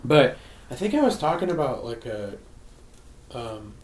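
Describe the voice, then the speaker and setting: A man's voice: medium pitch, very animated, unhurried. A young man from Southern California co-hosting a podcast, laid-back and joking with casual swearing. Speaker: podcast co-host. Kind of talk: casual chat. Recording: roomy echo.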